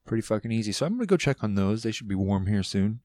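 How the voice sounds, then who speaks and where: A man rambling loudly on a casual podcast, swearing as he goes. His voice sits on the low side. The sound is dry and close. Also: lively intonation, fast talker, dry recording. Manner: loud, profane, rambling. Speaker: podcast guest. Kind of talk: casual monologue.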